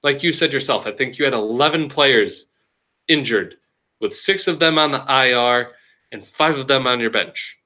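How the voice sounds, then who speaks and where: Young male league host, bright tone, casual rambling fantasy recap. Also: medium pitch, normal speed. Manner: loose, joking, rambling with restarts.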